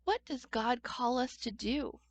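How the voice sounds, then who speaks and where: A woman reading a children's picture book aloud at church, gentle and expressive, pausing to ask the listening children questions. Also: on the high side, no echo. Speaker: church storyteller.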